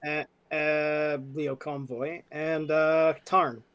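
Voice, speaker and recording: A man co-hosting a casual podcast chat, speaking hesitantly and haltingly. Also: fairly high pitch, flat delivery, clean tone, lo-fi sound. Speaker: podcast co-host.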